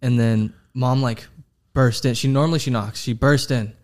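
A man's voice: mid-range voice, steady tone, normal speed. A young man who is a guest on a podcast, chatting casually and easily as he tells his side of a story.

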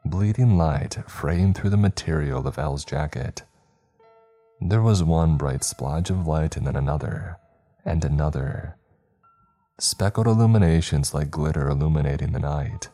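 A man narrating a horror story in a steady, measured storytelling voice. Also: very deep voice, faint music behind.

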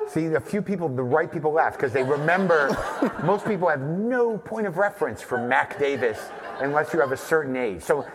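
A guest from New Mexico spins a long, profane, wandering story at a live stage taping of a podcast, in front of an audience. His voice is a little high with lively intonation at a moderate pace, heard over a noisy background and long hall reverb.

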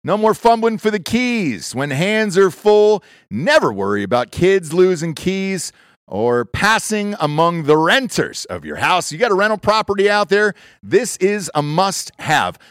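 Loud, emphatic man reading an ad. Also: high voice, sing-song, measured pace, smooth, dry recording, clean studio sound. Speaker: ad reader. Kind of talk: energetic ad read.

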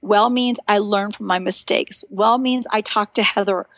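A woman's voice: mid-range voice, fairly even intonation, moderate pace, fairly bright tone, dull audio. A woman in her fifties, a guest author, telling stories animatedly in a casual podcast conversation and acting out the voices she quotes.

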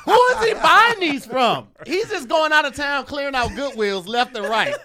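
A man co-hosting a podcast, laid-back and amused in casual chat, over loud background noise. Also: very high-pitched, lively intonation, moderate pace. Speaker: podcast co-host.

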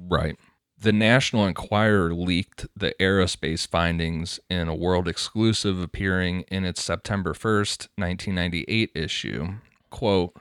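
A man co-hosting a casual true-crime podcast, reading quoted reports aloud in a measured, steady way. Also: deep voice, smooth, no room sound, clean studio sound. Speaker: podcast co-host.

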